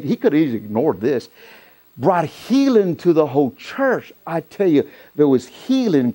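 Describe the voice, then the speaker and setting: Gravelly-voiced male preacher telling a story. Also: on the high side. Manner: storytelling preacher, rising to loud excited peaks. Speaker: pastor. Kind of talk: sermon. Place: church.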